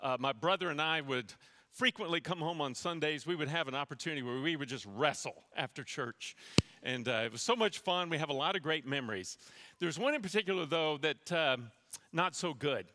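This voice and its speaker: A man's voice: a little high, animated, brisk, sharp tone, in a large hall. A man preaching a sermon in a church, telling a personal story with self-deprecating humor before teaching from scripture. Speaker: pastor. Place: church sanctuary.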